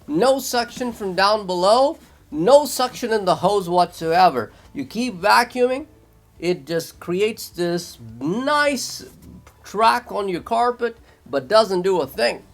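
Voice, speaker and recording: A man's voice: high-pitched, expressive, takes it slowly, low-quality recording. A man telling a complaint story to camera in a vlog, exasperated and repetitive in short clipped phrases. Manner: exasperated, retelling phone calls in his own words. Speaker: vlogger reviewing a product.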